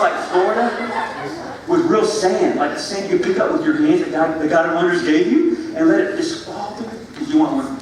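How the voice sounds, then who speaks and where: Guy preaching to middle school kids, repeats himself a lot, goes loud then real quiet, echoey room. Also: a little high. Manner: animated, repeats phrases, swings from loud to hushed. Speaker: youth pastor. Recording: echoey room from far off, faint ambient noise.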